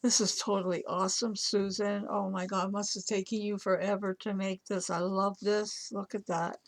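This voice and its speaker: A woman's voice: medium pitch, little pitch movement, moderate pace, dry recording. A woman vlogger chatting casually to camera while unboxing a gift, gushing with awe. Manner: gushing, breathy exclamations of awe. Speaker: crafting vlogger.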